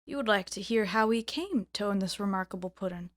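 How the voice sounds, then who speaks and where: A blunt, good-natured man talks in a plain, matter-of-fact way, read by a woman. His voice sits at an everyday pitch, friendly and direct, from a storybook reading. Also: a little fast, natural voice. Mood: hearty.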